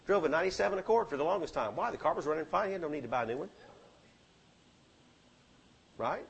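A man preaching a sermon, exhorting the congregation and rising to loud peaks. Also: on the high side, expressive, fairly quick, vocal fry, long pauses, slightly rough. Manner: exhorting, swings to shouting peaks.

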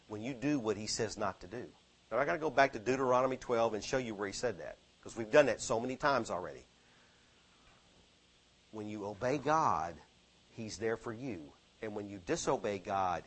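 A man preaching a sermon, swinging from low, quiet asides to fervent exhortation full of rhetorical questions. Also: lively intonation, moderate pace, husky.

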